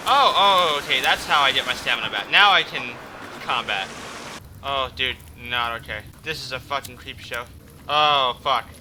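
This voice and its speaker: A man's voice: mid-range voice, background noise. Panicky, cursing gaming man. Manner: profane, panicky, yelps and curses at enemies. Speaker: gaming YouTuber. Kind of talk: let's play commentary.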